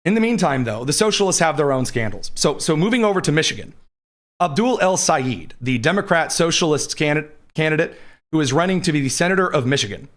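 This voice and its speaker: Combative man hosting political commentary, higher voice. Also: lively intonation, quick pace. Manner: combative, sarcastic, reads quotes aloud. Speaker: political show host. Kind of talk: live-streamed political commentary. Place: studio.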